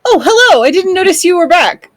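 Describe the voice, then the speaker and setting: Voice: medium pitch, very animated, fairly quick, no room sound, pitched above the performer's own voice, natural voice. A player voicing a cheerful, doting female kobold druid who gushes and fusses sweetly. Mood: bubbly. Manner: gushing, fussing sweetly.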